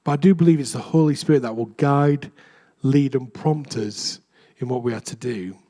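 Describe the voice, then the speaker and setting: Chatty young vicar with a mellow voice. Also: male voice, mid-range voice, moderate pace. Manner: chatty, self-deprecating storyteller. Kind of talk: sermon. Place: church.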